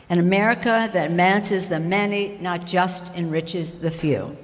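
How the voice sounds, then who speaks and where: A woman in her seventies, a party leader giving a political speech at a breakfast, with a rallying manner that repeats key phrases. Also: lowish voice. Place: large breakfast hall with a crowd. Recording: long echo of a large hall.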